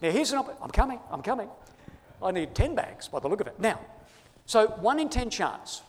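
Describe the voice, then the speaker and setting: Australian guy, slightly higher voice, jokey crowd-work speaker, long hall echo. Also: sing-song, moderate pace. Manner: playful, teasing banter with the audience. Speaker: speaker giving a presentation. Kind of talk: lively audience-participation talk. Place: large hall before a live audience.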